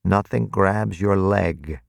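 A man voicing a cold, calculating vampire who speaks slowly and evenly, with a practiced, hollow sympathy. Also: low-pitched, creaky, no room sound, studio quality, heavily acted. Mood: cold, measured. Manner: slow, measured, detached.

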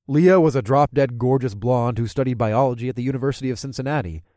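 A man's voice: mid-range voice, mellow, no room sound, studio quality. A man reading a first-person story aloud in a casual, chuckling manner. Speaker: audiobook narrator. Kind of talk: first-person audiobook narration.

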